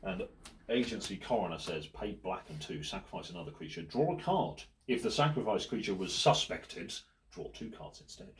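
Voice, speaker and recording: A man's voice: fairly low pitch, expressive, normal speed. A man hosting a casual card game, playfully reading out card rules and his plays. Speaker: host and player. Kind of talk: casual tabletop game play.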